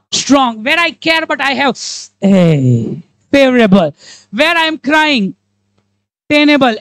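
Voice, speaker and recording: A woman's voice: sits high, no room sound, low-quality recording. A woman with an Indian English accent teaching a live class, quizzing students and playfully acting out examples. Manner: playful, acts out examples in character voices; quizzing the class with rapid questions.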